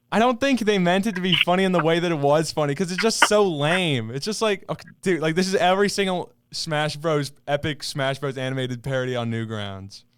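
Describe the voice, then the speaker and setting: A young man chats on a podcast, his fairly high voice smooth and clear. He rambles and restarts his sentences. The sound is close and dry. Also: fairly bright tone, no room sound. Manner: rambling, laughs often, trails off mid-sentence. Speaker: podcast co-host. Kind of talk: casual chat.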